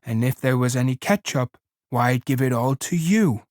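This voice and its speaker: A man narrating a novel in a measured, steady reading. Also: medium pitch, no echo, studio quality. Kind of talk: audiobook narration.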